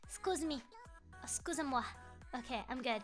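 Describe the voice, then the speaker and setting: Young female streamer, very high and bright, bubbly and teasing, casual chat over soft background music. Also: a little fast. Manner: bubbly, thanks viewers over and over, playful teasing. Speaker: VTuber streamer.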